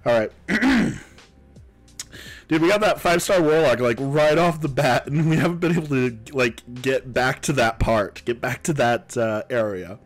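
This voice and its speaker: A man's voice: mid-range voice, normal speed, faint music behind. Slightly sick young male streamer, chatty. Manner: casual, chatty, thanks viewers by name. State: a little sick, coughing. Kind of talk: live-streamed game commentary.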